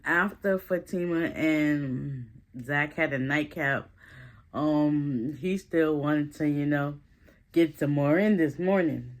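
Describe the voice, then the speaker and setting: A woman giving a casual, chatty recap of a TV episode, full of fillers and growing animated as she retells scenes. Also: sits low. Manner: chatty, loose, heavy with fillers like "like" and "listen". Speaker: recap vlogger.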